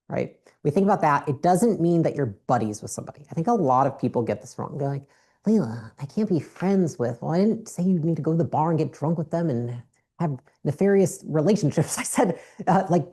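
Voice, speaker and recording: A woman's voice: sits low, mellow, slightly rough. A woman giving a blunt, profane motivational business talk on stage with a handheld mic. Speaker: business speaker.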